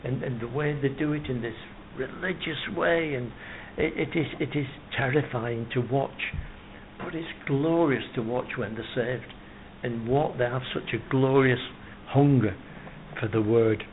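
Over a tinny, phone-like line with faint noise, a preacher delivers an earnest, emphatic sermon. His mid-range voice is unhurried as he recites long stretches of scripture and repeats phrases to build his points.

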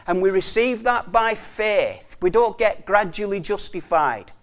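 High-voiced, earnest male preacher. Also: lively intonation, a little slow. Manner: earnest, repeats for emphasis, often trails off softly. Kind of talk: sermon.

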